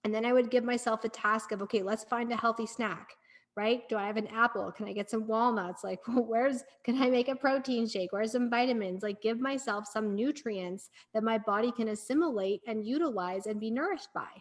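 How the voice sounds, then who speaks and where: A middle-aged woman with a voice pitched a little high, speaking as a guest on a podcast. She tells her story in an earnest, encouraging way and sounds conversational and sincere. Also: a little fast, few pauses. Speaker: podcast guest, breathwork practitioner.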